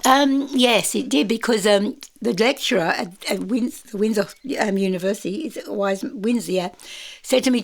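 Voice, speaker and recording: Older Australian woman, lively storyteller. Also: medium pitch, normal speed. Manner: animated, acts out quoted voices, mild swearing. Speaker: interview guest. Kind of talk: storytelling in conversation.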